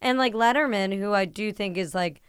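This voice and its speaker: A young woman co-hosting a podcast in casual chat, chatty and trailing off with quick laughs. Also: mid-range voice, clear, resonant tone, dry recording. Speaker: podcast co-host.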